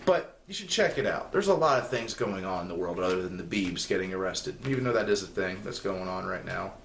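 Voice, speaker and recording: Here the same kind of comedic rant comes in a low, expressive voice with vocal fry, delivered fairly quickly with rising exasperation. The young man plays a sarcastic segment host on a spoof news show, recorded in an echoey room with faint ambience and a little hiss or hum.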